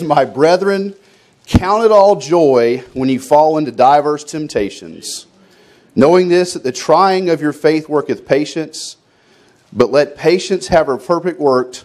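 A middle-aged pastor telling a personal story from the pulpit before reading scripture, acting out the voices in it. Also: male voice, a little high, unhurried. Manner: storytelling with animated quoted voices. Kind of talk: sermon.

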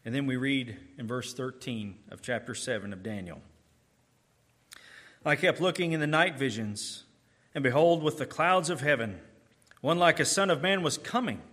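A man preaching a sermon, emphatic, swinging between booming declarations and hushed, slow asides. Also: expressive.

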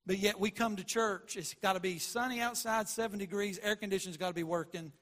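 A man preaching a sermon, swinging between loud emphatic lines and quiet murmurs, and acting out Bible dialogue. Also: fairly even intonation, fast, hardly any pauses. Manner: preaching with big swings in loudness, from near-shouts to low murmurs; acts out Bible dialogue in quoted voices. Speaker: pastor.

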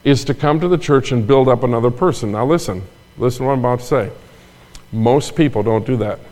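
A man's voice: medium pitch, a little fast, a little mellow. An older man, a pastor, delivering a sermon in a conversational way, with asides and repeated phrases. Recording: long hall reverb.

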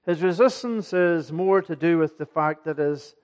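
A man's voice: fairly high pitch, moderate pace, a little mellow. A man preaching an evening sermon to his congregation, earnest and emphatic, often asking rhetorical questions. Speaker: pastor. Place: church.

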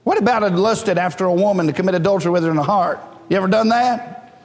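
High-voiced fervent preacher in a hall. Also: male voice, fast. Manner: fervent, preaching in a rising call-and-response style. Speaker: pastor. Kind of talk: sermon. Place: church sanctuary.

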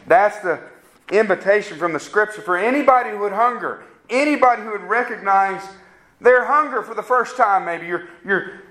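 A man's voice: on the high side, bright, forceful tone. A man preaching a sermon, making earnest, pleading appeals to his listeners.

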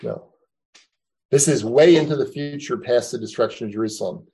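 A man's voice: medium pitch, moderate pace, mellow, husky, poor audio. A man teaching a Bible class, lecturing conversationally and thinking aloud with frequent asides to his students.

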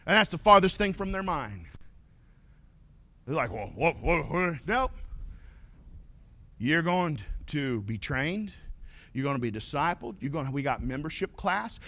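Male pastor preaching, voice jumps all over, bright and forceful, kinda high. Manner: animated storytelling preacher, swinging from shouts to asides. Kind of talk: sermon.

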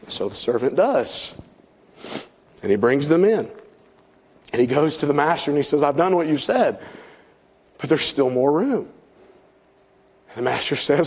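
A middle-aged man, preaching a sermon with swelling emphasis and soft drops. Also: on the high side, expressive, normal speed, pauses often. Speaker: pastor.

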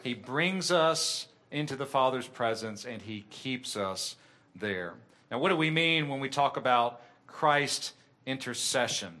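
A man's voice: medium pitch, expressive, a little slow, bright, forceful tone. A man preaching a sermon with earnest, emphatic delivery that swells and drops in intensity.

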